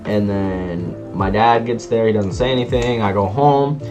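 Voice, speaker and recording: A man telling a personal story in a casual vlog, animated and slangy, acting out sounds as he goes. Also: on the low side, unhurried, soft background music. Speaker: vlogger.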